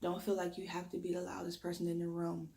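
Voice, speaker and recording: A woman's voice: lowish voice, completely flat delivery, fast talker, gravelly, dark tone. A woman reiki practitioner giving an emphatic spiritual guidance talk, repeating her points like a coach. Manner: emphatic, repetitive coaching with laughs.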